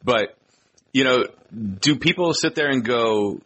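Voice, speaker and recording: A man's voice: mid-range voice, unhurried, a bit bright, slight background noise. A man hosting an interview, asking long, thoughtful questions. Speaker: interview host. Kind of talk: casual interview chat.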